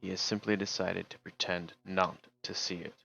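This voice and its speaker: A man reading aloud and voicing a calm, cryptic male companion who speaks in a measured, solemn way. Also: low voice, vocal fry, slightly rough, dull audio, exaggerated voice.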